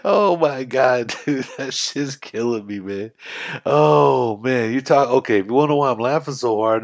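A middle-aged man giving casual reaction commentary, laughing often, swearing freely and talking back to the clip. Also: mid-range voice. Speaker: reaction streamer.

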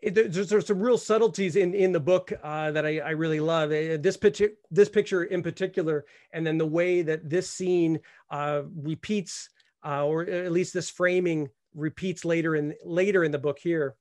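A man's voice: a little high, steady tone, moderate pace, a little mellow. A man hosting a live interview, asking thoughtful, somewhat hesitant questions with plenty of fillers. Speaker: host.

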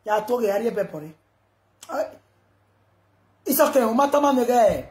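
A woman's voice: on the high side, lively intonation, unhurried, pauses often. Rambling Nigerian woman ranting on a live video. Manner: loud, rambling, mixing Pidgin and local languages. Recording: echoey room with background noise.

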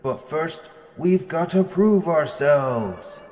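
A man doing a booming harbor captain. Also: expressive, slow pace, reverberant, long reverb tail. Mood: booming, excited. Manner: booming through a megaphone. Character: booming middle-aged male harbor captain, proud fleet owner.

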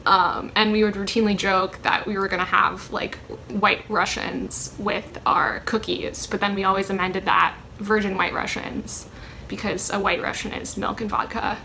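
A woman's voice: mid-range voice, fairly even intonation, moderate pace, gravelly, bright, forceful tone, slight background noise. A young woman chatting casually in a rambling way with many ums as she answers questions for her vlog at home. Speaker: vlogger answering a question tag. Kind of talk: casual chat.

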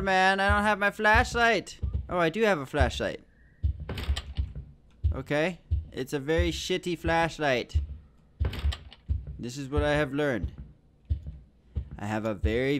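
Young male gaming YouTuber, high voice, jittery jokes and constant swearing while playing horror. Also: slight background noise. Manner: excitable, swearing, nervous joking. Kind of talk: horror game let's play commentary.

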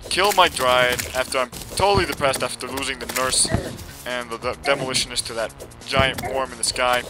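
A young man giving casual, excitable commentary over his own gameplay, laughing often and talking back to enemies on screen, with game music playing behind him. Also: mid-range voice, brisk, hardly any pauses. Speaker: gameplay video host. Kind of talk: casual let's-play commentary.

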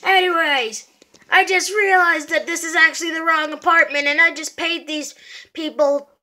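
Woman, sore throat, high bright voice, playful rambling plush toy skit. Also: fairly even intonation, moderate pace. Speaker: maker and voice of all the characters.

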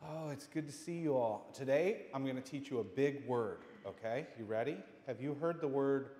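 A man's voice: mid-range voice, expressive, normal speed, darkish tone. Man speaking in an echoing church. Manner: playful, encouraging, speaks simply to children. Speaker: pastor. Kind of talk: children's message during worship. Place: large church sanctuary. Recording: echoey hall with long reverb.

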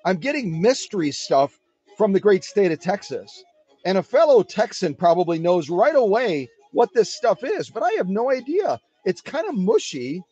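Animated, husky-voiced man chatting live. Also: high-pitched, normal speed, muffled recording, soft background music. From Wisconsin. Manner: chatty, animated, talks to the viewers. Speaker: live-stream host of a sewing machine restoration channel. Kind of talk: casual live-stream chat. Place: home workshop.

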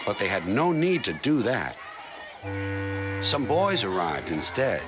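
A man narrating a children's story in a lively, expressive way. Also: on the low side, takes it slowly, long pauses, background noise. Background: loud music.

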